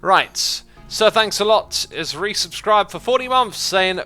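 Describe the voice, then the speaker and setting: A man's voice: high-pitched, animated, a little slow, few pauses, pushed and bright, soft background music. A man casually chatting with viewers on a livestream as he plays, reading chat messages aloud and thinking aloud with frequent fillers and restarts.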